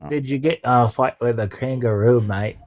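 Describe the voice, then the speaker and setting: A man's voice: medium pitch, normal speed, darkish tone, no echo. Trolling man with a fake Australian accent. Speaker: caller. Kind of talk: live online debate.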